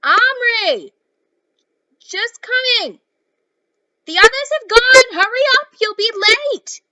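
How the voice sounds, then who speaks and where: A woman's voice: very high-pitched, expressive, takes it slowly, no echo, highs cut off, pitched above the performer's own voice, heavily acted. A woman doing an impatient mother calling from downstairs. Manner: shouting from a distance.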